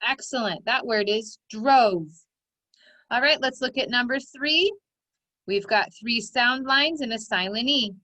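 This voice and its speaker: Woman phonics teacher, slightly high voice, slow and encouraging dictation. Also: pushed and bright. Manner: encouraging, stretches out sounds and letters. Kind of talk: slow, clearly enunciated dictation lesson.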